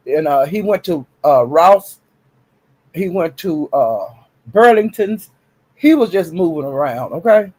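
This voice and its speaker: A man talking casually and sassily on a live stream, swinging into high exclamations. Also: animated, normal speed, darkish tone.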